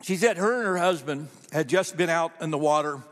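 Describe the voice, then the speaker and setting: A man's voice: fairly high pitch, a little fast. A man preaching a sermon as pastor, telling stories with animation and repeating phrases for emphasis. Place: church sanctuary. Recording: long reverb of a large church hall.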